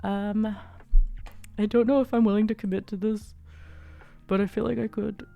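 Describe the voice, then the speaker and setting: A woman hosting a casual livestream, chatty and giggly, breaking into high excited squeals. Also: normal speed, gravelly, no room sound, muffled recording. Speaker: livestream host. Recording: dry close sound, faint music behind.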